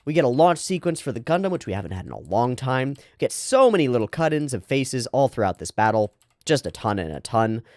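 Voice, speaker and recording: Male reaction host, animated pitch, dry close sound, casual and a bit sweary. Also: no room sound. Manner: animated, quotes dialogue and muses aloud, swears casually.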